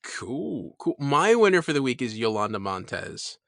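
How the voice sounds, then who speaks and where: A man's voice: mid-range voice, sing-song, moderate pace, creaky, a bit bright, dry recording, clean studio sound. A man co-hosting a casual podcast, hesitant and full of restarts and ums as he talks. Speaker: podcast co-host.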